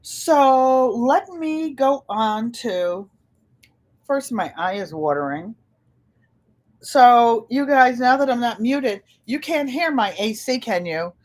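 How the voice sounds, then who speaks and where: A woman's voice: on the high side, animated, slow pace. A woman in her seventies with a Connecticut accent, chatting and telling stories to viewers on a live stream from a room at home. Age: 70s. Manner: chatty storyteller, addresses viewers as "you guys". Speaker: channel host. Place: indoor room with a large air conditioner. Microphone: computer.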